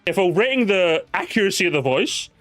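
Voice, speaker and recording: A man's voice: high voice, animated, a little fast, fairly bright tone, no room sound, soft background music. A man with a British accent hosting a casual stream, playful and sarcastic, laughing often. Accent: British English. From Britain. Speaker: streamer host.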